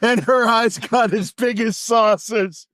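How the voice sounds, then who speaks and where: A man's voice: very high-pitched, fairly even intonation, takes it slowly, fairly bright tone, dry recording, studio quality. A man hosting a fishing podcast, chatting with enthusiasm and livening up when retelling stories. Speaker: podcast host. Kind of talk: conversational interview.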